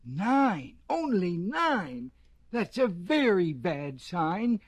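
A sly little rabbit coaxes and fakes sympathy in a light, high, sing-song voice, as a man voices him. He takes his time over each word, with music playing behind. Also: very animated, very slow, full character voice. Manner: mock-sorrowful, coaxing and sly. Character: small clever male rabbit, sly and calm. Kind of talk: storybook reading.

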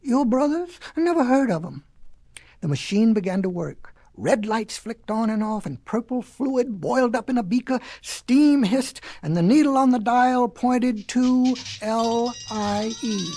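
A woman narrating a storybook in a folksy, lively storytelling manner. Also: fairly high pitch, measured pace, hardly any pauses. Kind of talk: storybook reading.

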